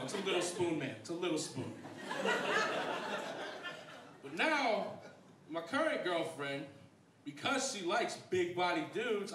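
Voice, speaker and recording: A man in his thirties doing a stand-up comedy set, wry and self-deprecating, jumping into high voices for punchlines. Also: background noise. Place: comedy club stage. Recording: echoey club from a distance, hall mic. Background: audience laughter.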